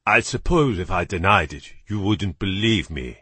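A man's voice: deep voice, lively intonation, normal speed, pushed and bright, slightly rough, no room sound, heavily acted. A man voicing a composed older actor posing as the great detective, speaking with a British accent in a dry, precise manner. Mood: cool, assured.

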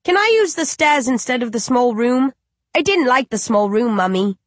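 A high, chirpy little voice for an eerie mutant baby, sweet and innocent in a storybook reading, as a woman puts it on. The sound is dry and close, with no room around it. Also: expressive, moderate pace, no echo. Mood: meek. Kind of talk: audiobook character voice.

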